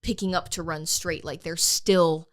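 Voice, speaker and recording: A woman's voice: on the low side, fairly even intonation, a little slow. A young woman co-hosting a podcast, telling a race story casually, acting out her own quotes and swearing freely. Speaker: podcast co-host. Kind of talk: casual chat.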